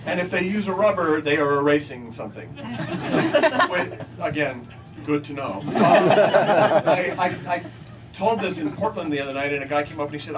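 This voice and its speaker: Speaking at a normal speed, an American man entertains a live audience at a book signing with deadpan stories, mimicking others in high-pitched voices. The distant mic catches heavy crowd and room noise in the bookstore event space, along with laughter from listeners.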